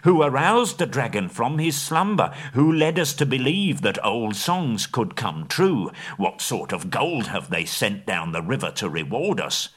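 A man voicing a pompous, self-serving old town master in a storybook reading, speaking in a low, oratorical, defensive way. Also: very animated, unhurried, hardly any pauses, breathy edge. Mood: indignant.

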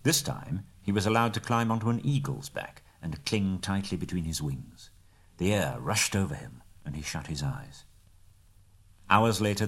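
A man reading a storybook aloud in measured narration, dropping to a hush at quiet moments. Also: sits low.

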